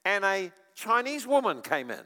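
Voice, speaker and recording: A male preacher giving a sermon in an animated storytelling manner, with chuckling asides. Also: sits high, normal speed. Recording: long reverb of a large hall.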